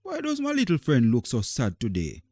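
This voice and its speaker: A man doing a gentle old fisherman. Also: medium pitch, huge pitch swings, moderate pace, no echo, studio quality. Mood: kindly. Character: very old wise male fisherman.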